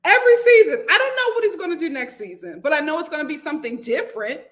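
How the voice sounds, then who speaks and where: Chatty woman with a high voice. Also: fast talker. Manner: chatty and animated, jumps to high-pitched exclamations and acted quotes; reads viewer comments aloud. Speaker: host. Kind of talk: live reality-TV review chat. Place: home room, lit by a window.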